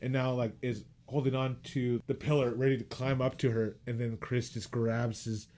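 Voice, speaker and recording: A man's voice: mid-range voice, normal speed. Man retelling a movie scene by scene. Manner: animated retelling, acts out quoted lines; loose, heavy on "like" fillers. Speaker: podcast co-host. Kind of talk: casual chat.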